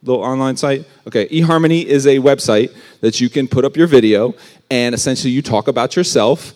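A man giving a casual youth sermon, conversational and animated with everyday slang. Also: medium pitch, brisk. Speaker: youth pastor.

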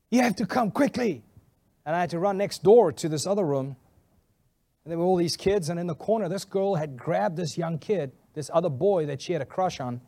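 A male pastor telling a funny story in a sermon, animated and laughing often. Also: on the high side.

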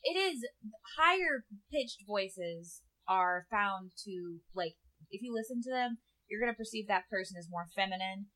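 Bright-voiced young woman chatting casually. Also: medium pitch, rough recording. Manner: chatty, explains with examples, lots of "like". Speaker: podcast co-host. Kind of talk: casual chat.

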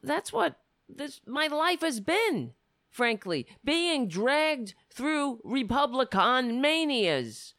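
A woman's voice: sits high, sing-song, takes it slowly, a bit bright, no echo, studio quality. A woman delivering a sardonic, rambling comic monologue from the United States. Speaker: comedian. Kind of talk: stand-up style comic monologue.

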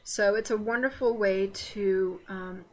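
A woman's voice: medium pitch, steady tone, a little slow, darkish tone. A woman with a Southern American accent co-hosting a casual faith podcast, chatty and digressive with teasing asides. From Southern United States. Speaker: podcast co-host.

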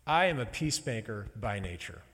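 A man giving a personal sermon in a slow, halting, emotional storytelling way, pausing often. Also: on the low side, very animated, a bit bright, husky. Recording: long hall reverb.

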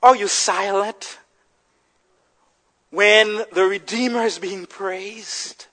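A man preaching a sermon with passion, rising to shouts and dropping to hushed, quiet lines. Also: sits high, steady tone, slow. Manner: impassioned preaching, swinging from shouts to hushed tones. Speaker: pastor.

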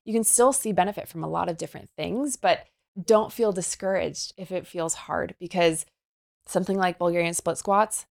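A woman's voice: fairly low pitch, normal speed, vocal fry. A woman fitness trainer, a young adult, explaining exercises as a guest in a podcast interview, upbeat and coaching in tone.

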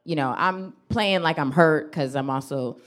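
A woman comedian, telling a personal story on stage and acting out her own lines with laughs. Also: normal speed. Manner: animated, acts out her own quotes with big pitch jumps and laughs. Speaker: stand-up comedian. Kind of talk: live stand-up storytelling.

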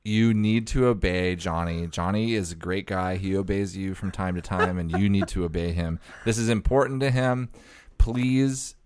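Deep-voiced man, mock-serious podcast host. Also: fairly even intonation, normal speed, hardly any pauses, a little mellow, clear, resonant tone. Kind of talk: casual comedic chat, prank phone call.

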